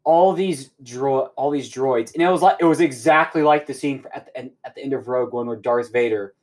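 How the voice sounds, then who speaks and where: A young man hosting a podcast, rambling excitedly through a casual recap and swearing often. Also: medium pitch, brisk. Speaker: podcast host.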